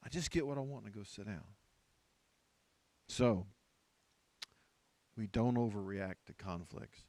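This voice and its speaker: His mellow, fairly low voice moves at a measured pace as this fiftysomething pastor gives a comic sermon to church leaders, imitating voices and repeating phrases for emphasis. The church recording carries no echo.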